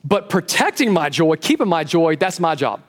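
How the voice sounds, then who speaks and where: A man preaching a sermon as pastor in a church, lively and animated, acting out the voices he quotes. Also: on the high side, moderate pace, in a large hall. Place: church sanctuary.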